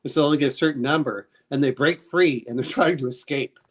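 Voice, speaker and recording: A man's voice: medium pitch, quick pace. A man hosting a casual chat, rambling through recommendations with many fillers and restarts. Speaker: podcast host.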